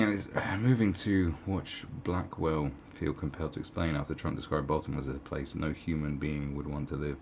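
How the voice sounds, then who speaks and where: A man's voice: rumbling low, darkish tone, a little hiss or hum. A man giving sarcastic, profane commentary as he reads an article aloud, with mocking asides. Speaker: online commentator.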